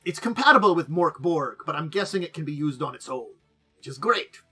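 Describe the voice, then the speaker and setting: A man's voice: on the high side, lively intonation, brisk, sharp tone, breathy edge, soft background music. A man hosting a casual talk show about tabletop games, rambling with many fillers and trailing asides.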